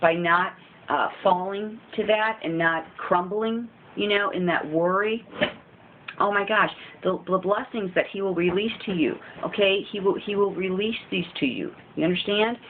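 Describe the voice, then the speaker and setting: A woman's voice: mid-range voice, moderate pace. Earnest woman preaching over a phone-like line. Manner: earnest, repetitive, pleading. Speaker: faith video host. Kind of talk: informal spiritual encouragement. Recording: tinny phone-like audio with faint hiss.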